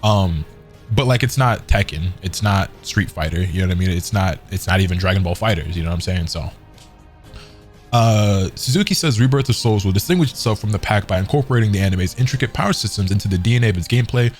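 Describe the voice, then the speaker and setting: Fast-talking casual man with hiccups. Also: on the low side, animated, soft background music. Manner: casual, filler-heavy rambling. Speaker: gaming commentator. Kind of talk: reading an article and commenting.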